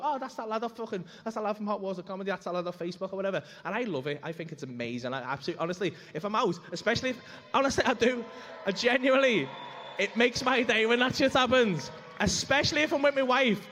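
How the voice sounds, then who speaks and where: A young man rattles through a stand-up story at high speed, his voice pitched fairly high for a man. He talks brashly, swears constantly and piles on asides as he goes. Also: fairly bright tone, big-room sound. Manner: brash, sweary, rambling anecdote full of asides. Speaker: stand-up comedian. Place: comedy club stage.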